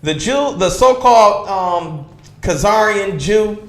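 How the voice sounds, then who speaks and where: A man's voice: sits high, expressive, slow pace, a bit bright, roomy sound. A man teaching a religious class in a preaching style, emphatic and insistent, asking his listeners whether they understand. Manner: emphatic, constantly asks "you understand?" and says "man". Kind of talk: preaching lecture to a streamed class. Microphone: livestream computer mic.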